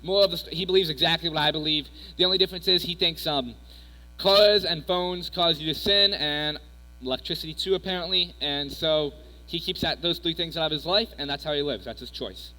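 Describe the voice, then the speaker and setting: In an echoey hall with mains hum, a young youth speaker talks fairly quickly in a slightly high voice that sounds pushed and bright. His sermon is casual and rambling, full of personal stories and fillers.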